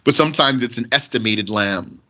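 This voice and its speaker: A man teaching Arabic grammar, reading passages quickly and then explaining them slowly with repeated examples. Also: sharp tone. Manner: reads Arabic text fast, then explains slowly with repetition; pitch jumps up when giving examples.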